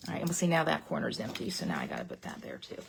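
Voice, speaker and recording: Chatty, gravelly woman teaching card-making. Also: extremely low pitch, rapid-fire, a little hiss or hum. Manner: chatty and rambling, drops to a whisper when excited. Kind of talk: live online crafting class. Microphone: webcam at a craft desk.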